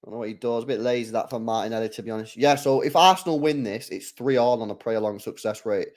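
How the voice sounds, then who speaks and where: Talking fast in a medium-pitched voice, a man hosts a live football watch-along. He chats casually in slang, reads out chat, and reacts with excited outbursts as the action intensifies.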